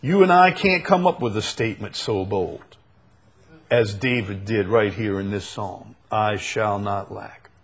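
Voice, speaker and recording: A man preaching a sermon, slow and emphatic, repeating key phrases for weight. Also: on the low side, animated, slightly rough. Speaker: pastor.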